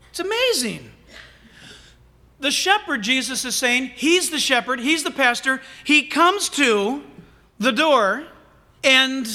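A pastor preaches with a strikingly high, bright, ringing voice. He talks in an animated, humorous way, breaking off into playful asides to his listeners. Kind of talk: sermon.

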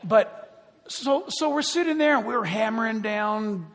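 A man preaching a sermon as pastor, animated and joking, acting out the voices of other people. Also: sits high, a little slow, in a large hall, slight background noise.

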